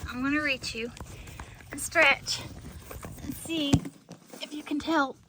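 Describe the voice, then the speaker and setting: A woman, vlogging outdoors on her farm and half-yelling into her phone camera because she has no mic. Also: high voice, fairly even intonation, slow, noisy background. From Florida. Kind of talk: casual vlog narration. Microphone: phone camera, no external mic.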